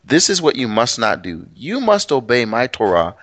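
A middle-aged man co-hosting a relaxed Bible discussion, his voice mid-pitched and ordinary. He rambles, restarting phrases often, then leans hard on key words. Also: normal speed. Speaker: co-host. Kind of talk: casual Bible study chat.

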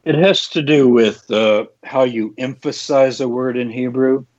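A man's voice: mid-range voice, fairly even intonation, unhurried, a little mellow, no echo, lo-fi sound. A man explaining a Bible passage and its Hebrew wording in a conversational, lecturing way. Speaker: Bible teacher. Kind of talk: conversational scripture discussion.

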